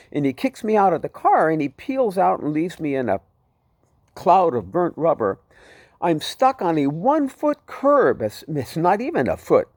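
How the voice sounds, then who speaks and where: A man's voice: a little high, a little mellow, no room sound. A man telling his personal testimony in a vivid, dramatic way. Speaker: storyteller giving his testimony.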